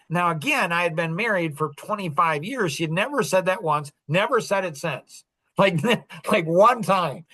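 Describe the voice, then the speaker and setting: A man's voice: high voice, animated, measured pace, bright, forceful tone. Middle-aged man, podcast storyteller, rambling and full of fillers. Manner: rambling, repeats words, many fillers. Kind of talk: animated personal storytelling.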